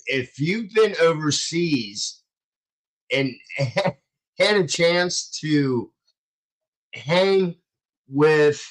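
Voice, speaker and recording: Brief: man, 50s, chat host, rather high and animated, unhurried and chuckling. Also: poor audio. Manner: laughs often, rambling anecdotes. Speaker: podcast host. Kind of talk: casual panel chat.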